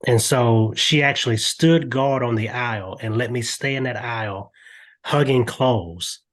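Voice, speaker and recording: An older man, a podcast guest, talking earnestly in a lively storytelling way with frequent restarts. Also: mid-range voice, unhurried. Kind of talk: candid podcast interview.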